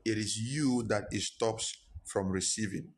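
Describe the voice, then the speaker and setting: A male pastor, preaching a sermon with impassioned repetition and sudden high-pitched emphasis. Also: unhurried.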